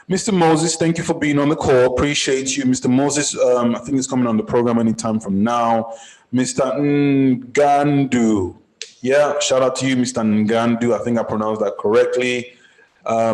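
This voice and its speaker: A man from Nigeria coaching forex traders, chatting casually and giving upbeat shout-outs on a live group call. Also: medium pitch. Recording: roomy echoey sound.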